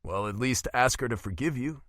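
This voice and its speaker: A man voicing a calm grown older brother who speaks bluntly and reassuringly. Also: medium pitch, fairly quick, no echo, studio quality, lightly acted. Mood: steady.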